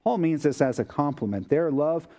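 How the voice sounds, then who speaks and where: A man's voice: on the high side, expressive, moderate pace, warm tone. A man preaching a sermon as a pastor, explaining scripture in a conversational way with everyday asides.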